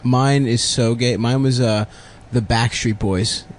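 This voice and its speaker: A man co-hosting a podcast, reacting quickly with animated, profane remarks. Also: mid-range voice, slight background noise. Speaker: podcast co-host. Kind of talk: casual banter.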